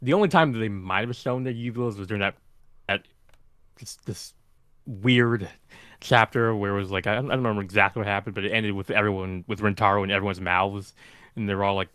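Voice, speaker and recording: Male co-host on a voice call. Low pitch, brisk and bright delivery, rambling, dry close sound. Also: smooth, no echo. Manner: rambling, self-correcting, quick. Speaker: co-host of a manga re-read stream. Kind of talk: casual chat on a voice call.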